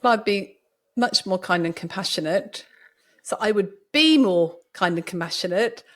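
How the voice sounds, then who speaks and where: A woman hosting a podcast, talking casually and telling stories in a lively way with many restarts. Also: medium pitch, moderate pace. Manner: lively storytelling with frequent restarts. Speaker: podcast host and doctor. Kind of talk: casual conversation.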